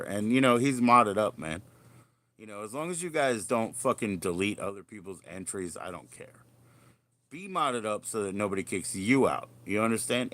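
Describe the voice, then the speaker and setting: Dude rambling on his stream, jokey and crude, kinda low voice. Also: fairly bright tone. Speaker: livestream host. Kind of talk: casual livestream chat.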